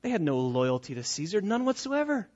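High-voiced man preaching emphatically. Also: big pitch swings, fairly quick, darkish tone, dull audio. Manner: emphatic, repetitive, rhetorical questions. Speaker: pastor. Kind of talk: expository sermon.

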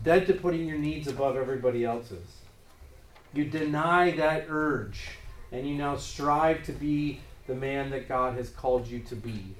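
A male preacher delivering a sermon, pushing key phrases hard and then dropping back to a quieter, plainer tone. His voice carries a roomy echo, as if picked up from some distance away, with a faint room hum behind it. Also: mid-range voice. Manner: emphatic, rising in force on key phrases.

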